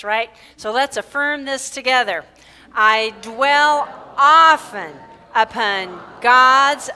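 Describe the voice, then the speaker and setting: Woman minister, bright and clear voice, chatty sermon style, leads slow group affirmations. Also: fairly high pitch. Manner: chatty, checks in with listeners with frequent "right?". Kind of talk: conversational sermon. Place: church service.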